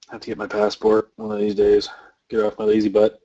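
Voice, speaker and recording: A man's voice: lowish voice, monotone, quick pace, dark tone, husky, muffled recording. A young Canadian man hosting a casual livestream chat, laid-back and chatty, often trailing off. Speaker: host.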